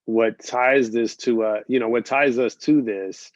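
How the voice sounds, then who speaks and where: A man's voice: medium pitch, fairly even intonation, measured pace, no echo. A man hosting a podcast interview, reflective, with frequent fillers and affirmations. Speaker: podcast host. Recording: dry, slightly dull sound.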